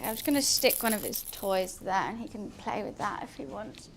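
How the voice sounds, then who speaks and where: A woman's voice: medium pitch, a little fast, a little hiss or hum. A woman streaming as she cooks, chatting in a scattered, casual way and talking to her cat. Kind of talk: casual cooking stream chat.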